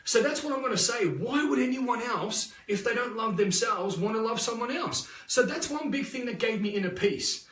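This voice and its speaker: A man's voice: extremely high pitch, expressive, moderate pace, hardly any pauses, a bit bright, reverberant, distant mic. An Australian man giving a live motivational talk, blunt and full of swearing as he tells stories. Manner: blunt, swears freely, restless storytelling. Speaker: motivational speaker.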